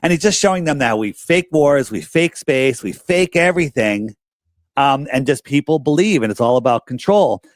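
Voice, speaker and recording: Animated man telling stories on a podcast. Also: medium pitch, moderate pace, no echo. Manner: animated storyteller, acts out quoted dialogue. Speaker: podcast guest. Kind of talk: casual podcast conversation.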